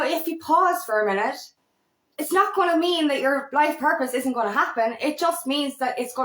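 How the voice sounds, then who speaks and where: A woman's voice: high voice, fairly bright tone. A woman empowerment coach in a casual vlog, rambling earnestly with restarts, repeated words and the odd swear word. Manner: occasional swearing. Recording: echoey room.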